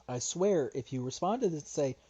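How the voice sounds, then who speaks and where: A man's voice: on the high side, expressive, a little fast, warm tone, husky. A man giving reaction commentary in an argumentative, lecturing way, his voice getting worn. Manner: argumentative, lecturing, repeats "all right?". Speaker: commentary youtuber.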